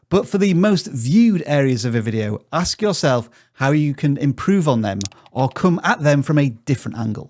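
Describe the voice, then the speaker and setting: Lively man hosting a scripted YouTube tips tutorial. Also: mid-range voice. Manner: upbeat, joking, direct advice. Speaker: YouTube growth tutorial host.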